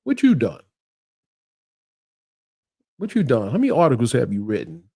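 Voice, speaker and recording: A middle-aged man hosting a livestream, ranting in a mocking, animated way with frequent laughter and repeated phrases. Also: mid-range voice, moderate pace, gravelly, slightly rough. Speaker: livestream host. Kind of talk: casual livestream rant.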